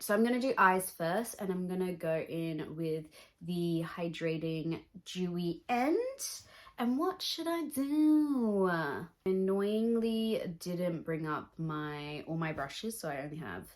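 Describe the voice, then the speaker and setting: A woman's voice: on the low side, expressive, slow pace. A woman beauty vlogger doing a chatty get-ready-with-me makeup talk, blunt and opinionated.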